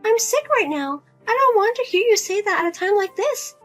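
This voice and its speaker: A woman's voice: extremely high pitch, sing-song, normal speed, fairly bright tone, soft background music, full character voice. A woman voicing a pushy middle-aged mother who nags and guilt-trips her grown daughter. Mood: nagging, whiny. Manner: nagging, pleading, guilt-tripping.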